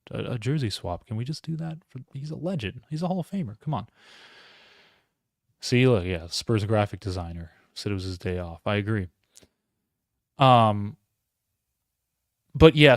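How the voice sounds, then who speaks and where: A man's voice: mid-range voice, dry recording, studio quality. A man hosting a live solo sports reaction stream, rambling, interrupting himself and talking to his chat. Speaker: podcast host.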